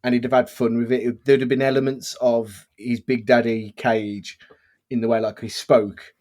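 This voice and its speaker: A male co-host chatting casually about films. He talks in rambling, amused runs and often restarts his sentences. His pitch is mid-range for a man. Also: little pitch movement, moderate pace, a little mellow. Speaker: podcast co-host. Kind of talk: casual film-review chat.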